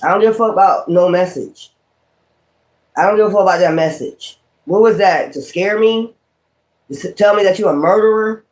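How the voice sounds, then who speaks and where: Male tarot streamer with a high voice, delivering a profane, confrontational rant full of repetition. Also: moderate pace. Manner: profane, confrontational, repeats himself. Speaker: tarot reader. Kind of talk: livestream rant.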